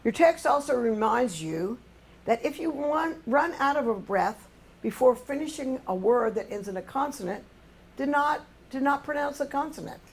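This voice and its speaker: A woman's voice: high-pitched, animated, moderate pace, slightly rough. An older woman, a choir music director, patiently explaining musical phrasing to a singing class and humming short examples.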